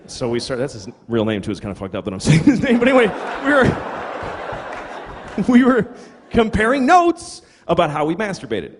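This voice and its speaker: A middle-aged man doing stand-up, his voice lively and sitting a little high as he spins crude, self-deprecating tales. It comes through a big room with a long echo. Clear crowd noise fills the space behind him. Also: moderate pace. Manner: crude, self-deprecating storytelling with acted quotes. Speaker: stand-up comedian. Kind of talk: stand-up comedy set. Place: comedy venue stage. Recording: reverberant hall with audience noise. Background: audience laughter.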